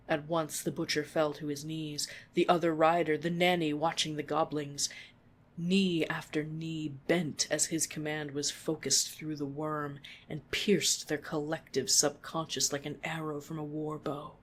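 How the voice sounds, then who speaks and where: A reader narrating fan fiction aloud at a mid pitch. The delivery is steady and expressive, shifting into the characters as they speak. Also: a little slow.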